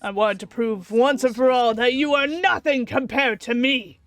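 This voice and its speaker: A woman's voice: a little high, moderate pace, dry recording, studio quality, faint music behind, lightly acted. A woman voicing a cruel, jealous middle-aged male scientist father while reading a visual novel aloud, in a bitter, contemptuous rant. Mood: scornful.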